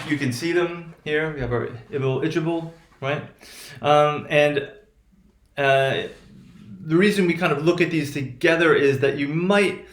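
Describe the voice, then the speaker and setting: A man teaching a pronunciation lesson in a halting way, with many restarts and a repeated "right?" tag. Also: on the high side, roomy sound. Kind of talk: recorded classroom lecture.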